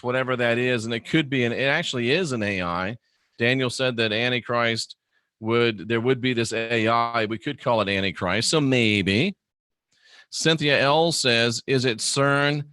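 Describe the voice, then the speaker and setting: Man, livestream host, bright forceful voice, dry close sound, muses and reads chat comments aloud. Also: mid-range voice, measured pace, clear, resonant tone, dry recording.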